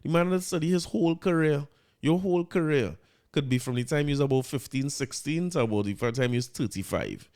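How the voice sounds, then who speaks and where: A man's voice: on the high side, brisk, darkish tone. Rambling Trinidadian man hosting a podcast. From Trinidad and Tobago. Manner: rambling, restarts often, shifts into local dialect. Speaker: podcast host. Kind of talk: casual monologue.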